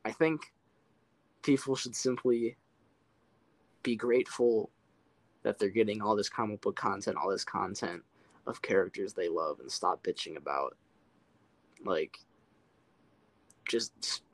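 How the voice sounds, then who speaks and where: A young man co-hosting a casual podcast, talking in an animated way, swearing freely and saying "like" a lot. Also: lowish voice, measured pace, long pauses, no echo, rough recording. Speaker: podcast co-host. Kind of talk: casual chat.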